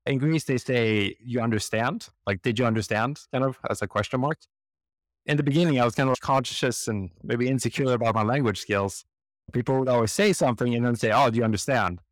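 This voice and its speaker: There's no echo as a man from Sweden, an interview guest, relates stories in a conversational manner. His mid-range voice moves fairly quickly, and he animatedly acts out the voices of the people he's quoting.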